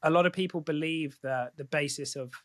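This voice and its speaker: A man's voice: on the high side, brisk, no echo. A man speaking as a podcast guest in candid, casual conversation, swearing freely and often restarting his sentences.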